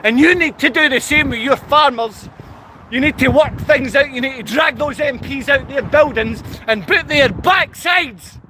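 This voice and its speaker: A man's voice: extremely high pitch, moderate pace, pushed and bright, a little hiss or hum. A man ranting angrily on a livestream, berating and confronting his viewers in blunt, repetitive bursts. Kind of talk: angry livestream rant.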